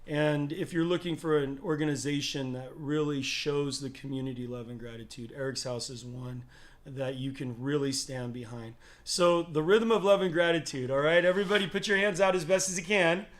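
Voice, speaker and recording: A man who leads recreational drumming for wellness gives an earnest motivational talk. He speaks directly to his listeners, invites them to join in, and often pauses and restarts mid-phrase. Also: a little high. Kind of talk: motivational talk to an online audience.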